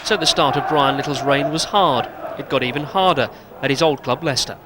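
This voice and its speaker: A man narrating a documentary in a measured, scripted way. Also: mid-range voice, heavy background noise.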